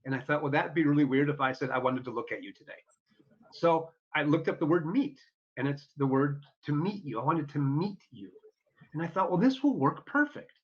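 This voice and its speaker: A man's voice: fairly high pitch, fairly quick, slightly rough. A man guesting on an interview show, telling stories in an earnest, upbeat way and acting out the people he quotes. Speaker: podcast guest. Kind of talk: casual storytelling interview. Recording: dull lo-fi audio.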